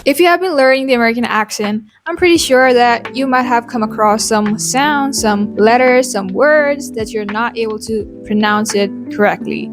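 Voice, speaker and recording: Young woman, Indian English accent, fairly high voice, pronunciation lesson, repeats words slowly, soft music behind. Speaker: accent coach.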